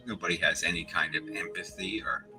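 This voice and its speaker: Deep-voiced man, scornful monologue. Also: steady tone, fairly quick, over music, rough recording. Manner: emphatic, scornful, rhetorical. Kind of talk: philosophical monologue.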